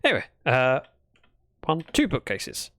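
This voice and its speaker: A man's voice: mid-range voice, wildly swooping pitch, a little slow, fairly bright tone, dry recording. A British man chatting casually to his live chat while building in a game, thinking aloud as he goes. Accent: British English. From Britain. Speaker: streamer.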